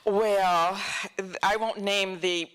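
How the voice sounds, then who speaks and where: A woman in the guest chair at an on-stage Q&A, telling stories with plenty of animation. She slips into the voices of the people she describes. The delivery is expressive and theatrical. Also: mid-range voice, very slow, smooth. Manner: animated, acts out voices in her anecdotes. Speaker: guest actress. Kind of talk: storytelling at an on-stage Q&A. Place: festival stage before an audience.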